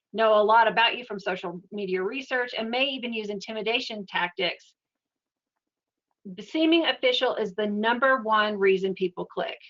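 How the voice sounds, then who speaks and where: Higher-voiced woman presenting a webinar. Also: dull audio. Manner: explanatory, steady and conversational. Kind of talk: educational webinar talk.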